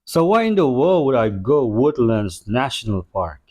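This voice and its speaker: A man hosts a reaction video. He adds short, thoughtful comments in slightly phrasing. His voice sits at an ordinary middle pitch. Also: sing-song, moderate pace, darkish tone. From Indonesia. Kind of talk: casual spoken reaction commentary.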